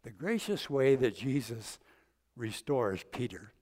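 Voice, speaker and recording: An older man preaching a sermon, gently retelling a story with vivid detail and acted-out quotes. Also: medium pitch, big pitch swings, slow. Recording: long hall reverb.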